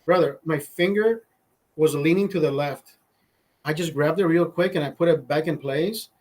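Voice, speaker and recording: A man with a voice a bit higher than most men's chats on his live stream. He swears constantly, rambles, and keeps restarting his sentences as he speaks to viewers by name. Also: moderate pace, darkish tone. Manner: profane, rambling, self-interrupting. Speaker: livestream host. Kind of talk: casual storytelling to live chat.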